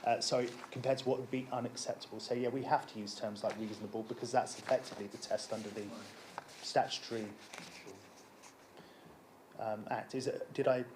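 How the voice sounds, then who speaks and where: A man explaining his licensing application at a council hearing, measured and often repeating words as he starts a sentence. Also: medium pitch, fairly even intonation, background noise.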